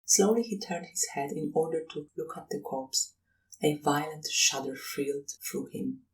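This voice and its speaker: Audiobook narrator, mid pitch, measured telling, distant faint-hiss recording. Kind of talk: scripted narration.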